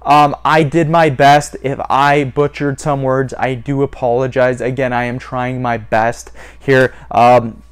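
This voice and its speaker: A man making a casual how-to vlog, chatty and repetitive, slowly spelling out and demonstrating words. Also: medium pitch, little pitch movement, clear, resonant tone. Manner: chatty, repeats "you guys" and "so again". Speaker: YouTuber.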